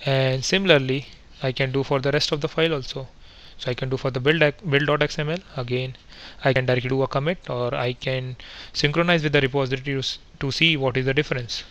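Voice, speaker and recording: Guy doing a screen-recorded coding lesson, bright tense voice, lots of uh and restarts, step by step. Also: mid-range voice, steady tone, fast talker. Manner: methodical step-by-step, frequent fillers and self-corrections. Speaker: software testing instructor.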